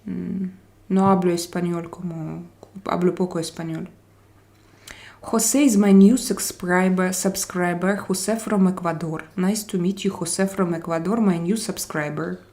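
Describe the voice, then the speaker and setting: A woman's voice: lowish voice, fairly even intonation, creaky, a little mellow. A woman from Russia, hosting a casual live-stream chat and greeting viewers by name while switching between English, Spanish and French. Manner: unhurried, drawn-out phrasing.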